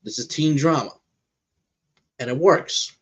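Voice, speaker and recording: A man's voice: fairly high pitch, unhurried, husky. A man co-hosting a watch party stream, chatting casually about cartoon episodes and acting out his own reactions. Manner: animated, acts out his own reactions in quotes.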